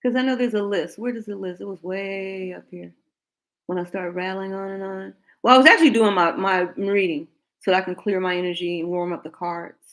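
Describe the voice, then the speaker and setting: A woman in her later years chats casually with viewers on her tarot livestream, rambling, laughing often and addressing them directly. Her medium-pitched voice moves a little fast, and the recording sounds rough.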